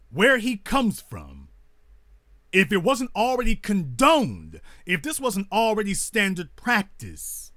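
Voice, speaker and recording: A man hosts a commentary monologue in a high, pushed, bright voice, hammering his points home with preacher-like rhetorical repetition. He sounds indignant and scornful. The recording is dry and clean, with studio sound.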